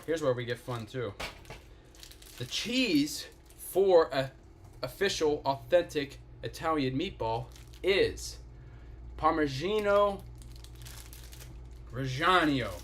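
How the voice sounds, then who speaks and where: A man's voice: fairly high pitch, animated, takes it slowly, long pauses, a little hiss or hum. A man from the Pittsburgh area hosting a casual live cooking stream from his home kitchen, chatting straight to viewers and swearing casually. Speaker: cooking livestream host.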